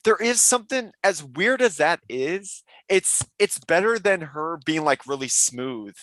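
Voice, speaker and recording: A man's voice: on the high side, animated, a little slow, fairly bright tone, no room sound. A man co-hosting a podcast in casual chat, easygoing and chuckling. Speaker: podcast co-host.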